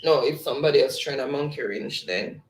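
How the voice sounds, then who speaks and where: A man's voice: mid-range voice, brisk, reverberant. A man hosting a quiz game on a live stream, reading out the players' chat answers and laughing often. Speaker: game show host.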